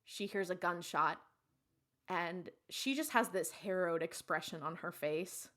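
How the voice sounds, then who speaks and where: A woman's voice: on the low side, unhurried. A young woman co-hosting a podcast, casually retelling an episode scene by scene and acting out the characters' lines. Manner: animated retelling with acted-out quotes. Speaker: podcast co-host.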